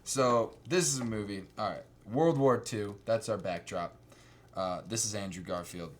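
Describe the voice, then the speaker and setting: A man casually recapping films for a co-host, rambling and slipping into quick silly voices for the characters. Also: on the low side. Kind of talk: casual chat recapping movies.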